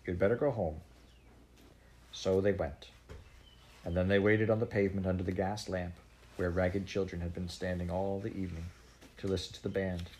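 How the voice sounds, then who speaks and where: A man narrating a storybook aloud in a steady, measured reading voice. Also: sits low. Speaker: audiobook reader.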